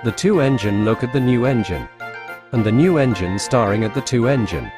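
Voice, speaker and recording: A man narrates a storybook tale in a plain, steady reading voice. His pitch sits in the ordinary range. Clear music plays behind him throughout. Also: normal speed.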